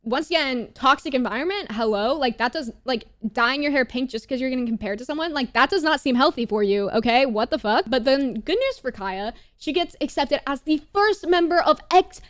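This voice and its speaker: A woman's voice: sits high, fairly quick, few pauses, no room sound, clean studio sound. A woman giving a casual, blunt commentary on a TV show, swearing often and saying "bro" between lines. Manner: animated, jumps into loud asides. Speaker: YouTuber reviewing a TV show.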